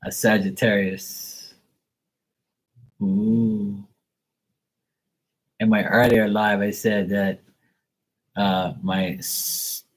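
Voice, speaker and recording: A man's voice: sits low, poor audio. A man hosting a casual livestream tarot reading, joking and swearing as he reads the chat aloud. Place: Bermuda.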